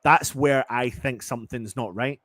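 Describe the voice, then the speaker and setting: A man's voice: mid-range voice, moderate pace, no room sound. A man from England calls a match live as a frustrated fan, swearing freely and veering from deflated mutters to raised, urgent outbursts. His voice sits in a middle register. The sound is dry and close, with no room around it. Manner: exasperated, swearing, shifts from muttering to shouting. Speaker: fan channel match commentator. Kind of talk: live fan reaction commentary.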